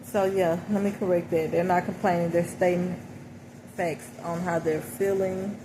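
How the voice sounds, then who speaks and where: A woman's voice: lowish voice, steady tone, moderate pace. A woman speaking in a casual, reflective way, interpreting song lyrics for her listeners and often checking in with "okay?". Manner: reflective, repeats "okay?" and "you know". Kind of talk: casual spoken reading. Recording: noticeable background noise.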